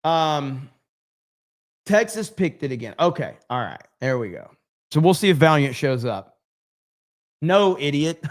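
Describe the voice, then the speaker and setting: A man's voice: on the high side, lively intonation, unhurried, pauses often. A man hosting a livestream, chatting casually and reading out viewer comments in a loose, profane, rambling way. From United States. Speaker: livestream host.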